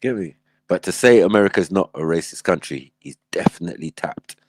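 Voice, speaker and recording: A man's voice: low voice, expressive, fairly quick, a little mellow, no room sound. A man hosting a livestream, reacting in casual, slangy commentary and laughing often. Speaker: livestream host.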